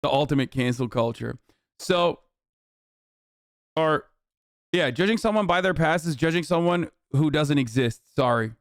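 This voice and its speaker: A man's voice: on the high side, expressive, measured pace, long pauses, no echo. A man streaming reaction commentary, ranting in a heated, profane and sarcastic way into a close mic. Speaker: live streamer.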